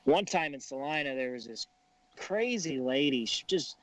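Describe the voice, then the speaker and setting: A man from Kansas, a wrestler guest, telling relaxed anecdotes in casual chat. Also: medium pitch, moderate pace, dry recording. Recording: faint background noise.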